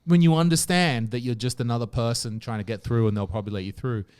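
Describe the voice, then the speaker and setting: A man's voice: mid-range voice, fast, a little mellow, smooth. Man musing in casual chat. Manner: musing, explains at length, jokes crudely. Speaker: podcast co-host.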